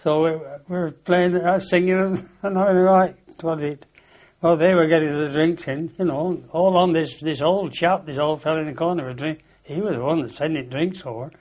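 A man's voice: on the high side, steady tone, normal speed. An older man with a Lancashire accent tells a long rambling story in a chatty interview, repeating "I said" and laughing at his own tale. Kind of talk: rambling anecdotal reminiscence. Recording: dull lo-fi recording.

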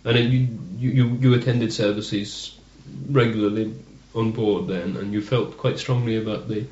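A man's voice: lowish voice, fairly even intonation, normal speed, darkish tone. A male interviewer who asks prompting questions and murmurs short assents. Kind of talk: oral history interview. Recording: roomy, dull archival tape with faint hiss.

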